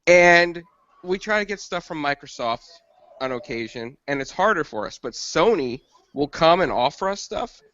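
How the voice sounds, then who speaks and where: A man's voice: a little high, animated, normal speed, a bit bright. A man co-hosting a podcast who explains his point and keeps checking in with his listeners. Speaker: podcast co-host. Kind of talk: casual podcast discussion. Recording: dry, dull lo-fi audio.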